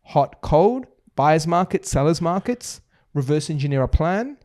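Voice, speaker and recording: A man's voice: a little high, lively intonation, unhurried, darkish tone. A man, a property agency founder explaining investing on a podcast in emphatic runs of points. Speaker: buyer's agency founder, guest. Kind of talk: fast explanatory podcast talk.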